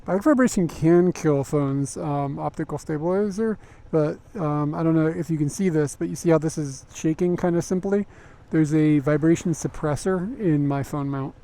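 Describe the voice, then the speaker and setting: A man's voice: on the high side, moderate pace, warm tone. A young man live-streaming a night motorbike ride, chatting casually and rambling with lots of fillers, recorded on a mic mounted inside his helmet. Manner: rambling and chatty, many fillers, laughs easily. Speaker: livestreamer. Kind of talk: casual live-stream chat while riding. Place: outdoors on a motorbike at night in city streets. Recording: faint traffic noise behind.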